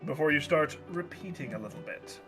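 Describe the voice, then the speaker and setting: A man's voice: on the high side, lively intonation, a little fast, fairly bright tone. Wry, sarcastic man gaming with a friend. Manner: wry, sarcastic, swears casually. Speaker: game co-player. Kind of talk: casual co-op gaming chat. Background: game music.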